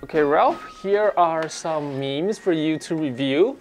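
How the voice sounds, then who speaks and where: Curious Taiwanese host, slightly high. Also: male voice, measured pace. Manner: curious, prompting with short questions. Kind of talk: video host interviewing a guest. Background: background music.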